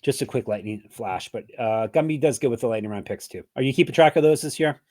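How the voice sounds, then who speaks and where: A man's voice: mid-range voice, fast talker, a little mellow, no echo. Male podcast host, casual and chatty, jokey sign-off energy, dry mic. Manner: chatty, joking, plugs links.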